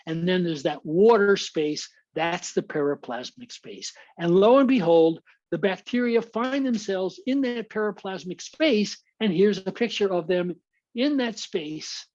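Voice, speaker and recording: A man's voice: sits high, expressive, measured pace, darkish tone, highs cut off. An American man giving a webinar lecture as a guest speaker, explaining slides with frequent uhs and restarts.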